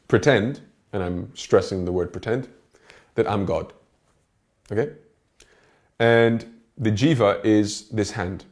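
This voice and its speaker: A man's voice: lowish voice, warm tone. A man giving a recorded lecture as a spiritual teacher, explaining step by step and checking in with his listeners.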